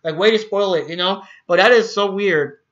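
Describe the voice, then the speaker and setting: Bright-voiced man ranting on a stream. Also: high-pitched, normal speed, lo-fi sound. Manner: rambling, swearing, frequent fillers and restarts. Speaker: channel host. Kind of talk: casual livestream rant.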